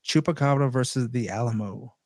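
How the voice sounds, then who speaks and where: A man's voice: mid-range voice, a little fast, darkish tone, no echo. Laughing, casual male podcast co-host. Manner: laughs often, swears casually, reads out notes.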